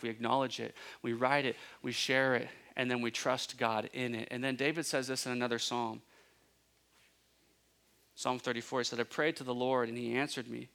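A man preaching a sermon, asking his listeners questions and building to emphatic peaks, with relaxed conversational asides. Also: mid-range voice. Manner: conversational asides, self-correcting. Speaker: pastor.

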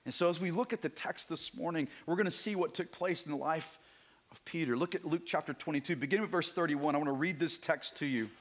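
A male pastor preaching a Sunday morning sermon, moving between hushed, intimate passages and emphatic, rising declarations. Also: on the high side, quick pace. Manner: swings from hushed to emphatic, repeats words when building a point.

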